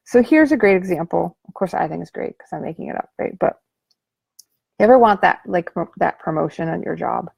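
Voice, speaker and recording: Casual joking woman with a gravelly voice. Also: lowish voice, lively intonation, a little fast, a little mellow, no room sound. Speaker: life coach. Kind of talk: motivational talk to camera.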